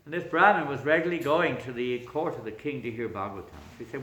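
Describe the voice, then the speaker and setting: A man's voice: mid-range voice, fast. Man telling a story in a lecture. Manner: animated, chuckling storyteller. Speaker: spiritual teacher. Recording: echoey room.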